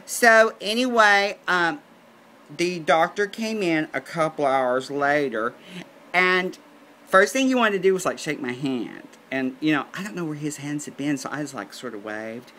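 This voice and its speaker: A man spins a comic story in a campy, gossipy manner. His voice is bright and forward. He drifts into exasperated asides, and a faint hiss of noise sits under the recording. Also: on the high side, lively intonation, measured pace.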